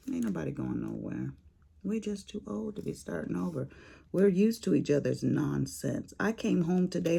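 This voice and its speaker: An older woman chatting straight to her viewers, her voice low and heavily gravelly. Her pitch swings widely as she tells her story in a folksy, lively way, with a faint hiss behind her. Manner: animated storyteller, folksy Southern-style talk. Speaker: crafting vlogger. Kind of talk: casual chat to viewers.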